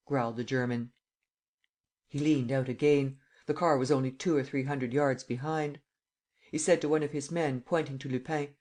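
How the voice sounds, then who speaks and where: A man giving a steady, measured scripted narration of an audiobook. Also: mid-range voice.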